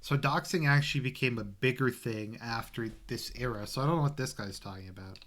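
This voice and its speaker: A man's voice: mid-range voice, brisk, fairly bright tone. Sarcastic rambling man. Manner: sarcastic, crude, rambling with fillers. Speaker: commentary YouTuber. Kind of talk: reaction commentary over a stream.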